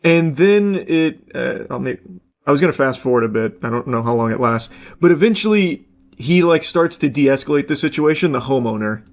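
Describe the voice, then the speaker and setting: A man's voice: medium pitch, animated, normal speed. A man reacting to a clip in casual, rambling commentary, swearing freely and filling gaps with "like" and "uh". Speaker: commentary YouTuber.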